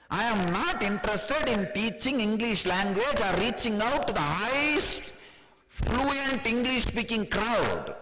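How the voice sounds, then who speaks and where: A man from India with an Indian accent giving a spiritual discourse, chuckling often and speaking in an animated, teasing way. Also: high-pitched, in a large hall, low-quality recording. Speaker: spiritual teacher.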